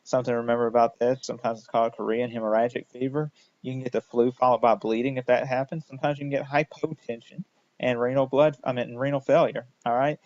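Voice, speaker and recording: A man's voice: medium pitch, fairly even intonation, quick pace, a little mellow, no room sound. A man giving a recorded lecture in a casual, jokey way, often checking in with "all right?". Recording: dull lo-fi dry recording.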